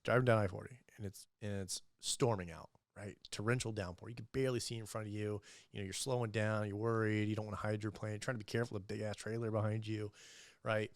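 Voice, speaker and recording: A young man telling animated, profane sales stories as a guest in a casual podcast interview, acting out the people he quotes. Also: fairly low pitch, fast, dry recording, clean studio sound. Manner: animated, profane storyteller who acts out quoted voices. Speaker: entrepreneur guest.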